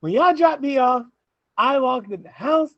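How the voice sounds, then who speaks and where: A man's voice: very high voice, expressive, unhurried, dry recording, dull audio, voice pushed up, exaggerated voice. A man voicing his rowdy young friend who is telling how a drunken night went, in an indignant, incredulous way.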